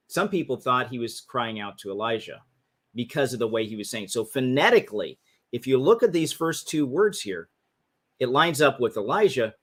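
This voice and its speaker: A man's voice: mid-range voice, fairly bright tone. Man teaching on a casual livestream. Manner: casual, restarts phrases, talks through slides. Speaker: host. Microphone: livestream mic.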